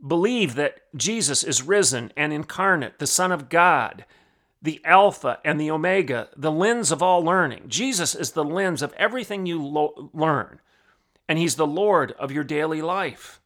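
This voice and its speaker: A man's voice: a little high, animated, moderate pace, fairly bright tone. A man hosting a podcast, preaching in emphatic, repetitive declarations. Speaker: podcast host.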